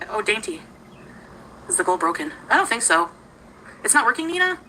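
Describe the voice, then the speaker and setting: A woman's voice: a little high, sing-song, fairly quick, sharp tone, slight background noise, poor audio. A woman talking casually on a livestream, greeting viewers by name and giggling often.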